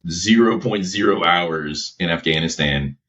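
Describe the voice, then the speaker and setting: Low-voiced male guest, casual slangy storyteller, muffled recording. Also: a little slow. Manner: relaxed, slangy, many fillers. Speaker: podcast guest, veteran. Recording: dull lo-fi audio.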